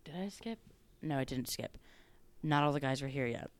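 A woman's voice: rumbling low, lively intonation, moderate pace, a little hiss or hum. A woman in a casual talk chat, telling a story loosely with lots of "like" and acting out what others said. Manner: chatty, peppered with "like", acts out others' lines. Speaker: podcast guest recounting a story.

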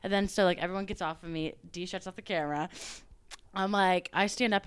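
Low-voiced chatty woman telling a story. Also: steady tone, brisk, clean tone, dry recording. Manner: chatty, peppered with "like", acts out others' lines. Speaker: podcast guest recounting a story. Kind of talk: casual storytelling chat.

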